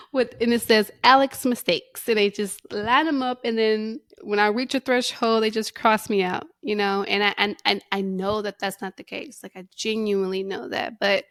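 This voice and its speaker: A woman hosting a faith podcast, speaking candidly and emotionally about her struggles, close to tears, with restarts and soft laughs. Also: medium pitch, fairly even intonation, normal speed, no room sound. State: near tears. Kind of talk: personal reflective monologue.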